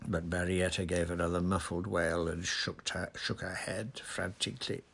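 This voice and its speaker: A man reading a story aloud in a measured, plain narrating voice. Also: low-pitched, steady tone, gravelly, a bit bright. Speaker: audiobook reader.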